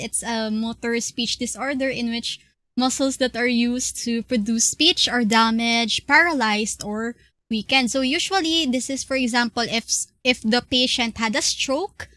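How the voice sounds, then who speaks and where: A young woman with a Filipino accent giving an online class lecture, explaining slowly with many fillers and restarts. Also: on the high side, pushed and bright, no room sound. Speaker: class presenter.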